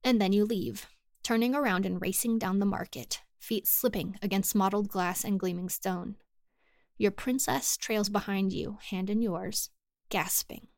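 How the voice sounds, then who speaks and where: A woman's voice: mid-range voice, steady tone, unhurried, darkish tone, no echo. Woman reading a story, dry close sound. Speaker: podcast narrator. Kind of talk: scripted fiction narration.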